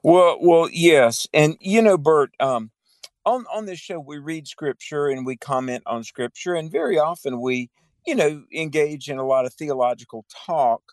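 A man's voice: on the high side, lively intonation, normal speed, darkish tone, no echo. A man co-hosting a Bible teaching radio show, explaining theology in a fervent way and often affirming with amens.

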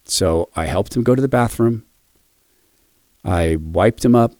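A man hosting a radio devotional, quietly telling a personal story before closing with a blessing. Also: lowish voice, measured pace, no room sound, studio quality.

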